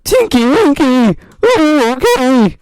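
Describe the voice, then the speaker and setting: A man voicing a frightened, shaky young redheaded girl in shrill falsetto shouts. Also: wildly swooping pitch, takes it slowly, exaggerated voice, poor audio. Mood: scared squeal. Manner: squealing falsetto shouts, breaking into laughter.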